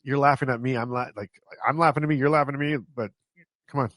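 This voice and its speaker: A man's voice: medium pitch, steady tone, quick pace, fairly bright tone, dry recording. Canadian guy rambling thru funny life stories, laughs a lot, restarts sentences, medium voice, dry close sound. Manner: chatty, self-mocking, laughs often, repeats and restarts. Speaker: vlogger. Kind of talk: casual storytelling to camera.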